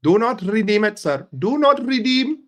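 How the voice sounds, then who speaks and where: A man's voice: high-pitched, very animated, moderate pace, pitched above the performer's own voice. A man putting on an Indian accent, playing a pushy phone-line caller who repeats himself insistently. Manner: clipped, insistent repetition.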